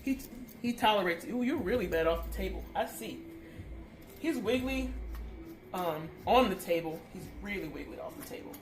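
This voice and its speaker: A woman's voice: mid-range voice, expressive, normal speed. A woman dog groomer giving a hands-on tutorial, chatty, cooing baby talk at a wiggly dog between her explanations. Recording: roomy with faint background noise.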